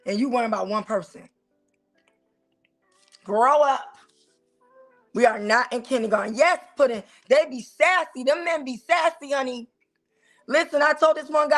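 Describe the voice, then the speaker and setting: High-voiced sassy woman host. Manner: sassy, animated, talks straight to the audience. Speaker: talk show host. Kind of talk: casual preaching-style commentary.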